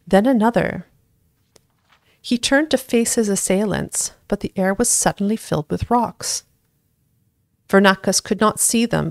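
A woman with a lower-than-usual voice reads a fantasy story aloud in an even, storytelling way. Faint music sits quietly behind her narration. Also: gravelly, dry recording. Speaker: audiobook reader. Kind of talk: scripted narration of a fantasy book.

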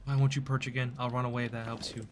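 A man's voice: medium pitch, level tone, rapid-fire, heavy background noise. A man giving live gameplay commentary, chatting to the creatures on screen and breaking into startled outbursts. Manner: chatty, talks to game mobs, frequent startled outbursts. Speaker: gaming YouTuber.

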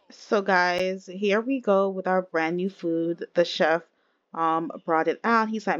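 A woman's voice: fairly low pitch, fairly even intonation, slow. Chatty woman with a dull lo-fi sound. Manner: chatty, laughing, addresses viewers as y'all. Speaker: let's play host. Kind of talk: casual game commentary.

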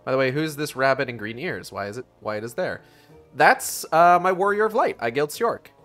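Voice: medium pitch, lively intonation, fairly quick, fairly bright tone, faint music behind. A streamer chatting casually while playing, rambling and trailing off. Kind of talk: casual game stream chat.

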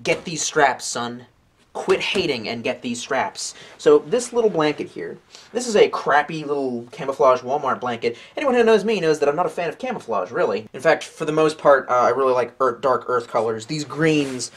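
A man's voice: mid-range voice, lively intonation, normal speed. Rambling, joking man in his late twenties. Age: late 20s. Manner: joking, rambling, swears casually. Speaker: gear reviewer. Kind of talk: casual gear review vlog.

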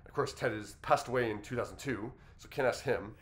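A man hosting an entertainment news commentary, reasoning aloud in a measured way as he weighs a story. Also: medium pitch, fairly bright tone. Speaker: commentary host.

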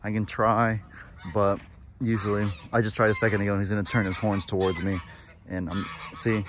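A man's voice: on the low side, little pitch movement, fairly quick. A man vlogging outdoors on a farm in a casual, chatty way, cooing fondly at the animals in a baby voice. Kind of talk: casual chat to camera.

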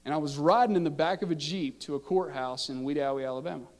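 A man, a pastor telling a story in his sermon and building from quiet narration to impassioned preaching. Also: on the high side, quick pace, big-room sound. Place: church sanctuary.

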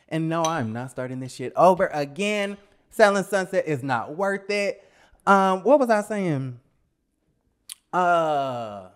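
A man's voice: a little high, animated, slow pace. A young man giving a sassy, blunt review of a reality show in a casual vlog, with scatterbrained asides, while getting over a cold.

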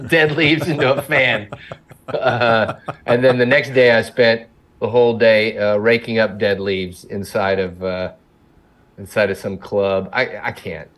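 A man's voice: lowish voice, steady tone, slow pace. A middle-aged man, a cartoon co-creator, chatting casually as an interview guest, rambling and self-deprecating with frequent laughs.

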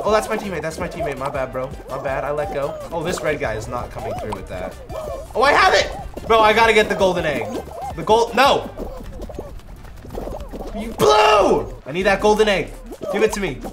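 A young man giving excitable live gameplay commentary, trash-talking and yelling in bursts. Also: high voice. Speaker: gaming YouTuber. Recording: music playing behind.

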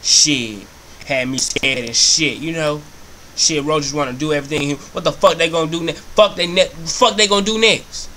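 A young man telling a profane comic story in an animated, repetitive rant. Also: a little high, moderate pace, slight background noise. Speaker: comedy vlogger.

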